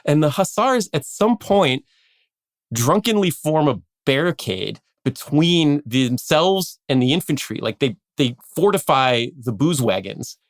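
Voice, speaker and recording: A man casually telling a history story on a podcast, animated, acting out quotes and laughing often. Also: fairly high pitch, unhurried, dry recording, clean studio sound.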